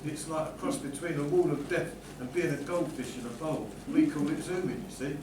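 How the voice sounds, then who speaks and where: A man with a fairly high voice plays a bumbling genie in a homemade panto skit and grumbles indignantly. He is recorded from across an echoey room. Background noise runs under him. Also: a little fast. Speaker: panto performer playing a genie. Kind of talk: amateur panto comedy. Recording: echoey room, far from mic, noisy.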